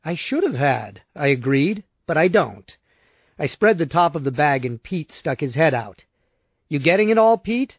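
A male audiobook narrator with a slightly high, very lively voice, telling the story in a wry, sardonic first person. The recording is dry and close, with a dull lo-fi sound. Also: moderate pace, husky, no echo.

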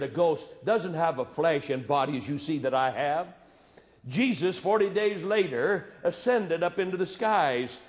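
Male preacher, fairly high voice, dramatic storyteller, long hall reverb. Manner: dramatic storytelling, swinging from loud emphasis to hushed quiet. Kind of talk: sermon.

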